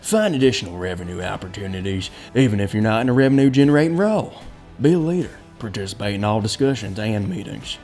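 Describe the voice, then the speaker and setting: A man's voice: fairly low pitch, animated, fast, a little mellow, faint music behind, natural voice. A man doing a preachy southern boss. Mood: lecturing. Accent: attempted American Southern. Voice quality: preachy, commanding. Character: stern lecturing southern businessman.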